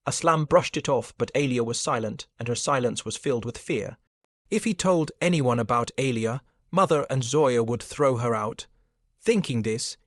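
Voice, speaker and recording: A man narrating a scripted supernatural story in a steady, even storytelling manner. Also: medium pitch, no room sound. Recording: dry close recording.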